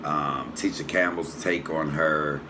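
Very deep-voiced man giving a casual tribute. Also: slow. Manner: warm, rambling, with fillers and self-corrections. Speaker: comedian and channel host. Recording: steady background noise hum.

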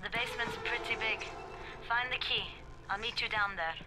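An actress playing a tough, sharp-tongued young woman survivor in a video game, heard as game audio with music. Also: on the high side, fairly even intonation, normal speed, very noisy, lightly acted. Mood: tense.

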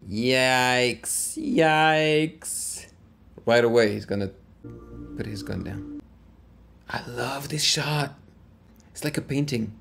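Animated reactor with a Quebec French accent. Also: medium pitch, vocal fry. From Quebec, Canada. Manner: animated, exclaiming, thinking aloud. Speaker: movie reaction host. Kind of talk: casual movie reaction commentary. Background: film soundtrack music.

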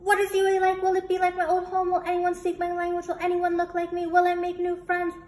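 A woman's voice: sits high, expressive, a little mellow. A woman voicing an anxious little male toy poodle puppy who asks nervous questions in a rush, in a storybook reading. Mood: eager. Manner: nervous, rapid-fire questions. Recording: roomy with faint noise.

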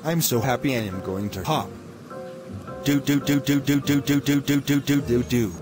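A man's voice: mid-range voice, normal speed, over music, lightly acted. A man voicing a carefree sing-song skipper. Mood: cheerful. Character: cheerful man Hernandez skipping along singing.

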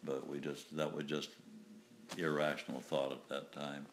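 An older man, a war veteran from the United States, recounting wartime memories in a halting way, with restarts and small chuckles. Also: extremely low pitch, flat delivery, slight background noise. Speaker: WW2 veteran interviewee.

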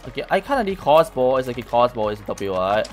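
Excitable young man taunting in a game. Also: medium pitch, fairly quick, soft background music. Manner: excitable, taunting opponents, non-native English. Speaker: gaming YouTuber. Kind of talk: live gameplay commentary.

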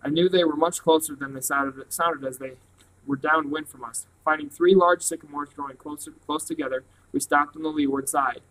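A man reading a novel aloud at a plain, steady pace. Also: a little high, a little fast, poor audio. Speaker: reader.

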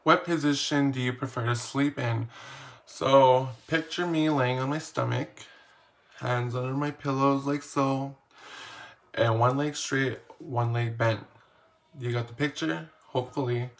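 A man casually reading questions aloud and answering them in a playful, slangy, self-mocking vlog. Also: mid-range voice. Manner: reads each question aloud, then answers. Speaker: vlogger.

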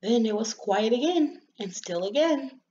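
A woman reading a children's story aloud in an expressive, gentle storytelling manner. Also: on the high side, a little slow, a little hiss or hum. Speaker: storybook reader. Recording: slightly dull lo-fi recording.

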